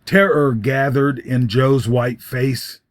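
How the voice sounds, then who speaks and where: Slow, expressive male storyteller. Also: mid-range voice, no room sound, clean studio sound. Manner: measured, expressive reading. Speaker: story reader. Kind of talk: storybook narration.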